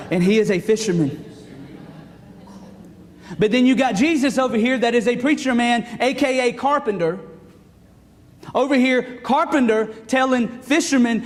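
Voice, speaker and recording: High-voiced pastor telling a story. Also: male voice. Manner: folksy, animated storytelling with acted quotes. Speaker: student pastor. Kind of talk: sermon. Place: church sanctuary. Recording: long reverb of a church sanctuary.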